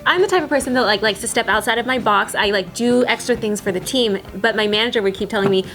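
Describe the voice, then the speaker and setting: A woman's voice: a little high, fast talker, vocal fry, soft background music. A woman co-hosting a casual chat, agreeing often and telling about an old office job. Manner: lively, agreeable, many backchannels. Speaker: podcast co-host.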